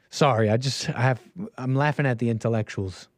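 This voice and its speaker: A man's voice: medium pitch, a little fast, dry recording. A man hosting a casual live stream, chatty and joking, rambling with restarts from a home studio mic. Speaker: livestream host.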